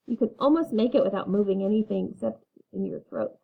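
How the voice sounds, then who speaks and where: A woman's voice: fairly high pitch, moderate pace, creaky, warm tone, breathy edge. A woman teaching a phonics lesson, reading words and having learners repeat them patiently. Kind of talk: phonics lesson, slow and clear.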